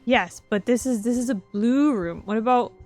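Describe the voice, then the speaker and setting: A woman streaming a video game, commenting excitably and repeating phrases over and over into a close microphone. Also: on the high side, normal speed, faint music behind. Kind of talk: let's play commentary.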